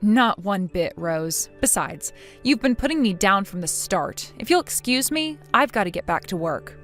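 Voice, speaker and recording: Computer woman's voice as a mocking young wife, sarcastic, dismissive, lively pitch. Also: normal speed, soft background music, lightly acted. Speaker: daughter-in-law. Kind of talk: text-to-speech chat story.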